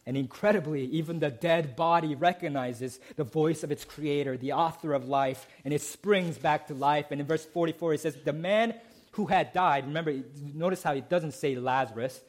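A man preaching a sermon, who often asks the congregation "right?" and moves between emphatic climbs and soft, low passages. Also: normal speed, hardly any pauses. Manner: rising to emphatic peaks, then dropping soft and low. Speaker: pastor.

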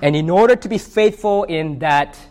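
Man preaching a sermon, higher voice. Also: moderate pace. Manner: reads scripture, then tells a story with animated voices for the characters. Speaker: pastor.

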